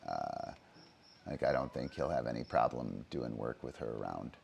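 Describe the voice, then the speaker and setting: A man with a very deep, low voice talks through his dog-training methods on a livestream. He speaks off the cuff, stopping often to say "um" and to check in with "right?". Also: lively intonation, moderate pace, gravelly, darkish tone, breathy edge.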